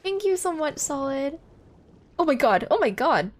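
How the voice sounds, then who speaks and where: A woman's voice: sits high, big pitch swings, moderate pace, slight background noise. A woman streaming a game live, chatting casually, gushing and giggling over cute things and thanking viewers by name. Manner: gushing, giggly, easily delighted. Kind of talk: casual live-stream chat while playing.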